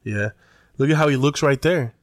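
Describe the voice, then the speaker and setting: Sex: male. Role: podcast co-host. Style: casual chat. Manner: laid-back, slangy, cursing. Pitch: middle. Sound: dry, close. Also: normal speed, no echo.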